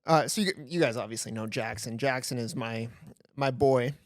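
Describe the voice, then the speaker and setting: Animated man telling a story, dry sound. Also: mid-range voice, normal speed, dry recording. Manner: animated, stammering restarts, swearing. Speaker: podcast co-host. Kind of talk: casual chat, storytelling.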